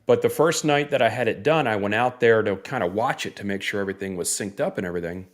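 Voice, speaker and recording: Easygoing low-voiced Florida podcast man. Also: fast talker. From Northeast Florida. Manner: easygoing, rambling with fillers and restarts. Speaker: podcast co-host. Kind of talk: casual sports podcast chat.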